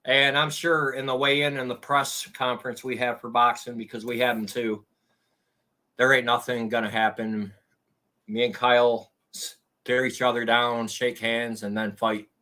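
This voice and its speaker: A man's voice: mid-range voice, level tone, a little slow, sharp tone. A man live streaming and chatting casually with his viewers, rambling in a crude and profane way.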